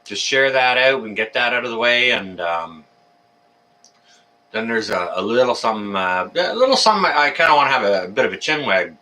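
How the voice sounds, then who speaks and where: Bright-voiced man, chatty and rambling. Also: medium pitch, lively intonation, brisk. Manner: rambling, filler-heavy, friendly banter. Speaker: livestream host. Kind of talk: casual live chat greeting viewers. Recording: voice a bit far from the mic.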